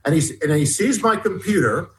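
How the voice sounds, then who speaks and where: A man, an author being interviewed, retelling a story in a rambling way, with many halting restarts. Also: fairly high pitch, animated, low-quality recording. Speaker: author and guest.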